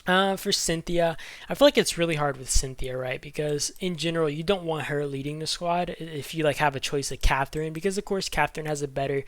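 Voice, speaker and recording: A man talks through game strategy in a loose, rambling way, full of fillers and self-corrections. He is audibly out of breath, his voice sits a bit high, and the sound is dry and close. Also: a little fast, a bit bright, no room sound. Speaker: gaming YouTuber. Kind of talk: casual game strategy commentary.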